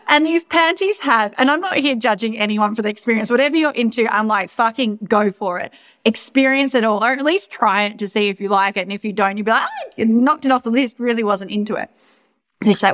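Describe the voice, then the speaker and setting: Woman host, young adult, casual storytelling, swears a lot, animated, mid pitch; keeps cracking herself up. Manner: animated, profane, laughing at own story. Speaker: podcast host and coach.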